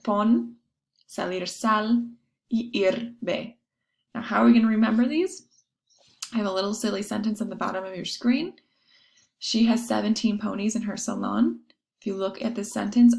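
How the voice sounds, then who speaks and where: A woman teacher talks her class through a recorded Spanish lesson, patiently laying out rules and examples one at a time. Her voice has a gravelly, creaky edge and sits at an ordinary middle pitch for a woman. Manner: patient, explaining step by step with examples.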